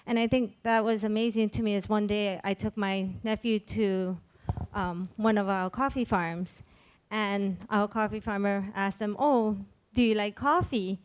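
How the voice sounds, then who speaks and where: A woman chef on a panel telling a lively story, acting out quoted dialogue. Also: medium pitch, a little slow, clean tone.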